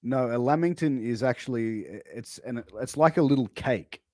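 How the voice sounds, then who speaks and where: Australian man, podcast host, casual and jokey, mid-pitched, dry close sound. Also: moderate pace, mellow, dry recording. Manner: jokey, laughs often, slips into put-on slang voices. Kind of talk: casual interview chat.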